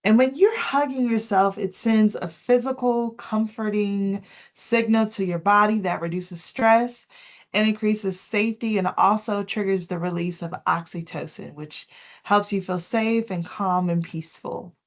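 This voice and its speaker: A woman presents a wellness lesson in a gentle, explanatory way. She works through prepared tips and then unpacks each one in plain words, with casual fillers along the way. Her voice sits at an ordinary middle pitch. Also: unhurried. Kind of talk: health education talk.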